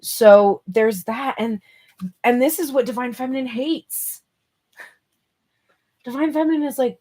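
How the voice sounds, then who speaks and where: A woman's voice: high voice, measured pace, long pauses, warm tone. Playful woman doing a tarot reading, chatty, laughs a lot, kinda sassy. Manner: chatty and playful, laughs often, swears casually. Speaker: tarot reader.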